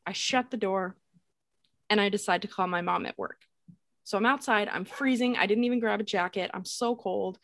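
A young woman casually telling a ghost story on a podcast, animated, laughing and swearing as she goes. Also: medium pitch, normal speed, dry recording. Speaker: podcast co-host.

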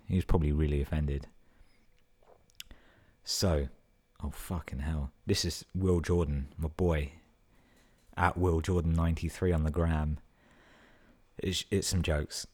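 A man's voice: a bass voice, fairly even intonation, unhurried, long pauses, a little mellow, husky. A man hosting a podcast, reading listener stories out casually, swearing a lot and laughing at the jokes. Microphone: podcast microphone.

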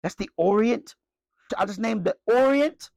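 A man preaching with a notably high voice, rising into loud bursts and then dropping to low, quiet asides. He keeps asking the congregation questions. The sound is dry, with no room echo. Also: measured pace, gravelly. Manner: emphatic preaching with call-and-response questions. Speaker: pastor. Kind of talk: sermon.

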